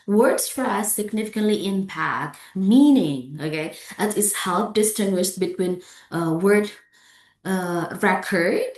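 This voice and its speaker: Indonesian-accented woman lecturer, unhurried classroom drilling, echoey room. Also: mid-range voice. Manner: drills words aloud, many fillers and checks like "okay?". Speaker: English pronunciation lecturer. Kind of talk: classroom lecture with repeated model words.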